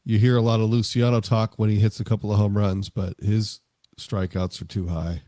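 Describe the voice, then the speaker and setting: A man joining a casual postgame fan talk as a guest, measured and analytical about prospects. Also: on the low side, flat delivery, warm tone, no echo, studio quality. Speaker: co-host guest.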